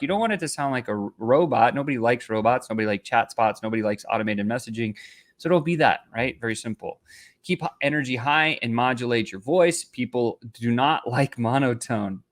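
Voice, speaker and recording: Energetic man coaching with punchy emphasis. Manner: animated, swings pitch and loudness for emphasis; punchy, repeats "right?" and "very simple". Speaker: business coach. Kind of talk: energetic instructional talk to camera.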